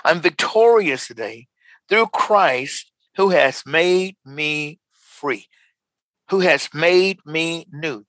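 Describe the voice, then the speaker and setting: A man's voice: on the high side, fairly bright tone, no room sound, rough recording. A man preaching a sermon emphatically, repeating key lines and calling on listeners to respond.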